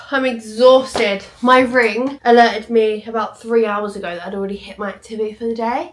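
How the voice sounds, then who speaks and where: A young woman, a mum, chatting casually to camera in a vlog, self-deprecating and laughing often. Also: mid-range voice. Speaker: vlogger and mother. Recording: echoey room, faint background noise.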